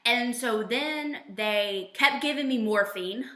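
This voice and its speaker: A young woman telling a personal story in a casual, animated way, acting out the quoted lines. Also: slow pace, echoey room. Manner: animated, voices quotes with big jumps in pitch.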